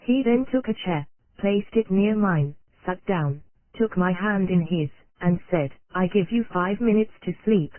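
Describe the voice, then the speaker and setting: An audiobook narrator reading an old nonfiction text in a steady, unvaried way, spelling out abbreviations letter by letter. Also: medium pitch, unhurried, dry recording. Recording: dry, tinny phone-like sound.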